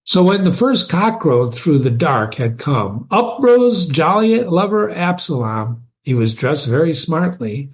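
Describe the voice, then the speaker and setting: A man reading a classic comic poem aloud, pausing to explain words and images to his listeners. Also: on the high side, big pitch swings. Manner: slow, explaining asides to listeners. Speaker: reader of classic poetry.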